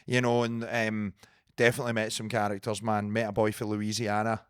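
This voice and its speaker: Scottish comic, podcast co-host, loose chatty storyteller, dry close sound. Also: male voice, a little fast, clean tone, no room sound. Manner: animated storyteller who leaps up in pitch for quoted voices. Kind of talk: casual chat.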